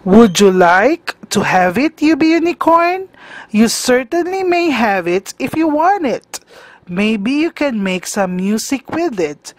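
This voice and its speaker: A woman voicing a kind, gentle grandmother unicorn in a read-aloud storybook. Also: a little high, very animated, a little slow, dry recording. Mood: fond.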